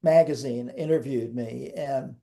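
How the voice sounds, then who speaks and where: A man's voice: mid-range voice, measured pace, creaky, mellow. An older man, a guest in an interview, telling wry, rambling anecdotes with frequent restarts.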